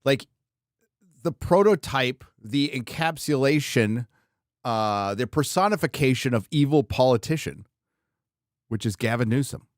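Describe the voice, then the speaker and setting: A man's voice: mid-range voice, animated, a little slow, no room sound, studio quality. A man hosting a podcast, talking in a blunt, ranting casual style. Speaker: podcast host. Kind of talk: casual chat.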